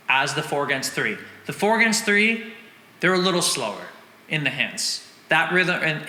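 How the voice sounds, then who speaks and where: Drum teacher counting rhythms aloud. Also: male voice, a little high. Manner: counts and sings rhythms aloud, self-correcting. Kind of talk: instructional breakdown. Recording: echoey room with loud drumming. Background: drumming.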